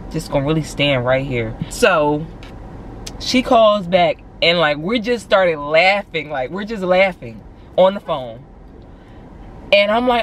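A young woman from Philadelphia with a Philly accent, telling a story in a casual, animated vlog from her car and saying "like" a lot. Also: low voice, a little hiss or hum. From Philadelphia, USA. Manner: animated, chatty, heavy use of "like". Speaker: vlogger.

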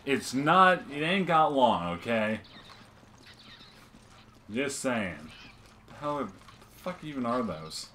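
Man, gameplay banter host, teasing and cursing, lively pitch. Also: slow pace, long pauses, slight background noise. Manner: joking, swearing, teasing. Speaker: let's play host. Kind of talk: casual gameplay chat.

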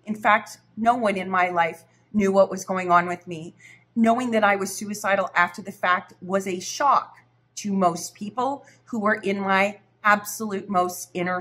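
A middle-aged woman, a spiritual reader, telling a personal story to her viewers in an earnest, reflective, unhurried way. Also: mid-range voice, fairly bright tone.

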